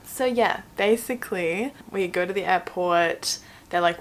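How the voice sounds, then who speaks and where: A woman's voice: lowish voice, unhurried, gravelly, slight background noise. A young woman with an Australian accent, telling a story in a casual, chatty vlog, full of swearing and "like". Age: young adult. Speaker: vlogger.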